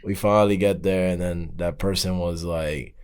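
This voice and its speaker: A man's voice: deep voice, moderate pace, smooth. A man guest on a podcast, telling a long story in casual talk and acting out the dialogue. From Miami. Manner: animated, acts out quoted dialogue.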